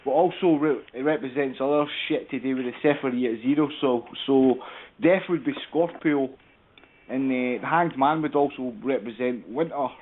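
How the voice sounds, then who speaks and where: A male caller chats loosely, piling on asides and repeating himself as he goes. His voice has a middle pitch. It comes through a tinny phone line with a faint hiss. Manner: quick, loose and chatty, with asides and repeated phrases. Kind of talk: call-in talk show chat.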